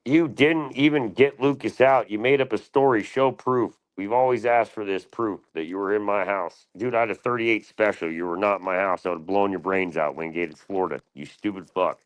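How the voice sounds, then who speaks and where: A man's voice: fairly low pitch, a little fast, few pauses. A man hosting a livestream, taunting and cursing at a rival in heated, profane banter. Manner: taunting, profane trash talk. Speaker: livestream host.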